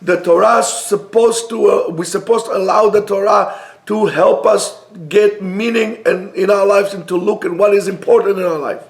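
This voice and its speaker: A man, a rabbi, giving a Torah lecture, emphatic and rising to near-shouts on key points. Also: high voice, steady tone, moderate pace, gravelly. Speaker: rabbi teaching a class. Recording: roomy echo.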